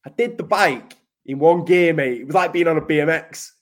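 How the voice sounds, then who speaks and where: A man tells his story in a casual, blunt way, swearing freely and calling the host mate. His voice sits fairly high for a man. He speaks as a podcast guest. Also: a little fast. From Manchester, England.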